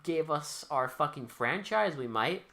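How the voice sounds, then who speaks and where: A man's voice: a little high, animated, measured pace, gravelly, pushed and bright. A man co-hosting a podcast, recapping a movie in casual chat, swearing freely and acting out the characters' lines. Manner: profane, joking, acts out characters' lines. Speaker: podcast co-host.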